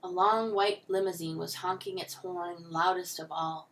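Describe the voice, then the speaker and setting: A woman teacher reads a picture book aloud with lively, expressive storytelling. Her voice sits a little back from the mic. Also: on the low side, normal speed, far from the mic.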